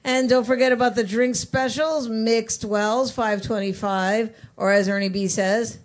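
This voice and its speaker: A woman's voice: on the high side, steady tone, a little slow. A woman hosting an open mic in a coffee shop, teasing the acts and reading the drink specials in casual banter.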